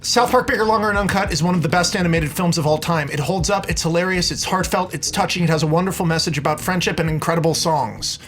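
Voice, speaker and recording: A man's voice: fast talker, few pauses, soft background music. A man on a panel debate show, eagerly rambling through ideas and arguments. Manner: excited, rambling pitches, laughs a lot.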